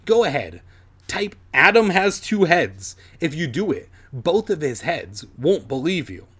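A man's voice: on the high side, very animated, a little slow, fairly bright tone, husky, pitched above the performer's own voice, heavily acted. A man doing a blunt teenage girl. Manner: blunt, interrupting.

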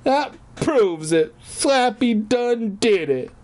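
A man reading aloud and voicing a frightened young girl, shrill and pleading. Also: animated, slow pace, darkish tone, exaggerated voice. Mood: desperate.

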